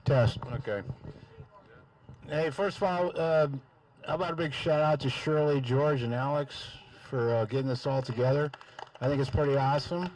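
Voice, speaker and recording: A man's voice: fairly high pitch, normal speed, darkish tone, rough recording. Rambling man at a memorial microphone. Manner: rambling with many "uh" fillers, fond. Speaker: memorial speaker. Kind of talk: casual storytelling. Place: memorial gathering.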